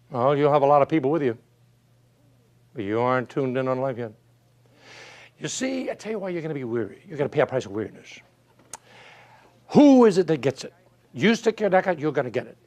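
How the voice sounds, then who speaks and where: An older man giving a motivational speech, telling folksy stories and asking his audience rhetorical questions. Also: fairly high pitch. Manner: animated, folksy storytelling with rhetorical questions and chuckles. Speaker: motivational speaker.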